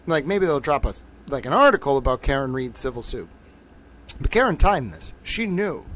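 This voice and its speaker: A man's voice: medium pitch, very animated, normal speed, a bit bright. A man giving casual livestream commentary, talking in a rambling, profane and emphatic way.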